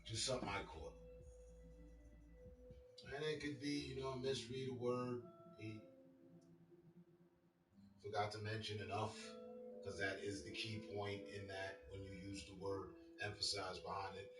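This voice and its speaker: A low-voiced man chatting through a reaction commentary in a loose, conversational way, repeating lines back to dissect them. He sits back from the mic in a roomy space, with clear music playing underneath. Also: fairly even intonation, measured pace, long pauses, distant mic. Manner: conversational, repeats phrases to pick them apart.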